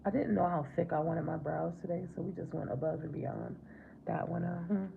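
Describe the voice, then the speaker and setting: A middle-aged woman chatting casually with her viewers while doing her makeup, warm to them and calling them babe. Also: lowish voice, steady tone, fairly quick, vocal fry, phone-quality sound, a little hiss or hum. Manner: chatty, affectionate, calls viewers babe and baby. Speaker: livestream host. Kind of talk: casual makeup livestream chat.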